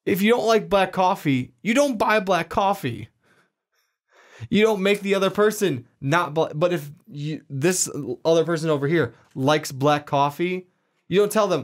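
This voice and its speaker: A man's voice: sits high, normal speed. A young man with a Chicago accent, co-hosting a casual podcast chat and making his points emphatically, with the odd swear. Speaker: podcast co-host.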